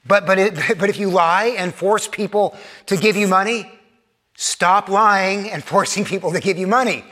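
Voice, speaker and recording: A middle-aged male pastor gives a relaxed, conversational sermon. His voice sits a little higher than most men's. He often stumbles into restarts and breaks into short chuckles. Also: normal speed, long reverb tail. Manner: conversational and self-deprecating, frequent restarts and chuckles.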